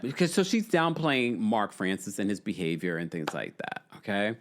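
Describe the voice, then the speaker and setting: Brief: playful male host chatting live, pitch swinging widely, reading out comments. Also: normal speed. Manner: animated and playful, often laughing. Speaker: host of a live reality-TV chat stream. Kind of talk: casual live-stream chat reading viewer comments.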